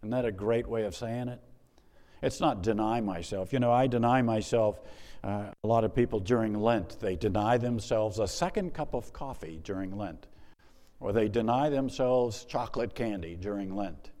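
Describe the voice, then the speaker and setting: A male pastor preaching a sermon in an animated, conversational way, with emphatic repetition and joking asides. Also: lowish voice, moderate pace, long reverb tail.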